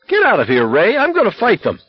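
A man voicing an unhinged, reckless young male walker who yells hoarse taunts. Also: fairly low pitch, animated, a little fast, no echo, highs cut off. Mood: screaming taunts.

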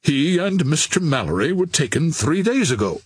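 A man's voice: on the high side, very animated, normal speed, husky, no echo, studio quality, pitched above the performer's own voice. A man reading an audiobook voices a formal, agitated naval captain in a somewhat raised voice. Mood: grave. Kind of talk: audiobook character voice.

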